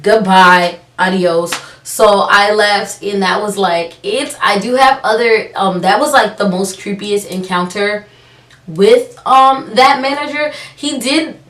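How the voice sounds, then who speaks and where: A young woman telling a personal story on her vlog, sarcastic and animated, acting out the people she quotes. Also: mid-range voice, measured pace. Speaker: vlogger. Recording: roomy, from a distance.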